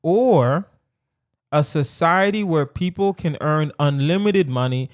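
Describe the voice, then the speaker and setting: A man's voice: fairly high pitch, slow, no echo, studio quality. A man hosting a casual podcast chat, playful and teasing, laughing easily as he explains a question. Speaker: podcast host.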